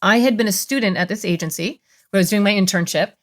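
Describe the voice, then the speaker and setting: A middle-aged woman therapist tells stories on an interview show with an animated, expressive delivery. Her voice sits at a middling pitch and moves easily as she recounts events. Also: quick pace. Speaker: therapist, podcast guest. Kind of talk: interview storytelling.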